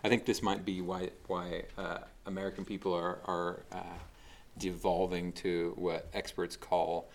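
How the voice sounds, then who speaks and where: Speaking a little slowly, a gravel-voiced man with a very low register delivers a laid-back sermon. It feels like a pastor teaching instead of performing, his speech loose with fillers and restarts.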